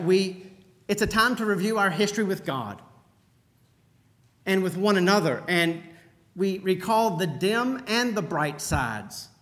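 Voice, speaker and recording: High-voiced man preaching. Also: a bit bright. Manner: storytelling, conversational preaching. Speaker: pastor. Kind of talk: sermon.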